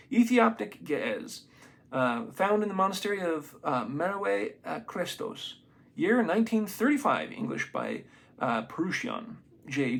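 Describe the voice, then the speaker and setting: Gravelly-voiced man reading aloud casually. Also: sits high. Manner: reads haltingly, stumbles on names, adds excited asides. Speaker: amateur reader of a book.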